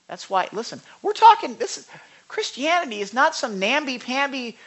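A preacher giving a sermon, emphatic and conversational, swinging between loud declarations and hushed asides. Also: mid-range voice, lively intonation, normal speed. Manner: conversational with repeated asides and restarts.

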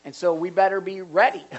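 Pastor, live sermon in a church hall, animated and excitable, chatty asides. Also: mid-range voice, moderate pace, highs cut off. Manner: animated, gets excited and louder; jokey asides to the congregation.

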